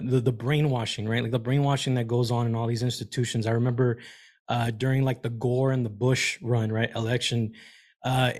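A man calling in with a question, talking in a rambling, informal way with many fillers. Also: mid-range voice. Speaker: caller. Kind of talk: casual question to a guest.

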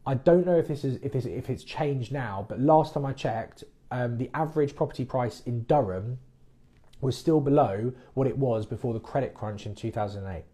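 A man hosting a mortgage podcast, giving frank advice in a relaxed, conversational way and often restarting his phrases. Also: medium pitch. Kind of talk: casual advice chat.

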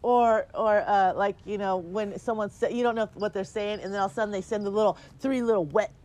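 A woman's voice: medium pitch, steady tone, brisk, a little mellow. A woman co-hosting a casual talk show, chatty and rambling, often laughing. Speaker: podcast co-host. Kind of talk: casual chat.

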